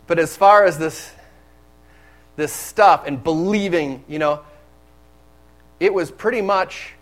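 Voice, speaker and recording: A man's voice: fairly high pitch, slow, low-quality recording. A man preaching a sermon in a candid, conversational storytelling manner.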